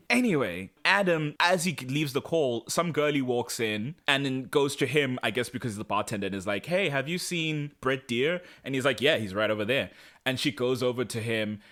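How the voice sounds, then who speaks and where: A man co-hosting a podcast, recapping a TV episode in casual chat and acting out the characters' lines in quick voices. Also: medium pitch, a bit bright. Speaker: podcast co-host.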